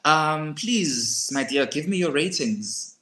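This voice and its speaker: A woman co-hosting a podcast, retelling reality TV highlights in animated, laughing casual chat. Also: slow pace. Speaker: podcast co-host.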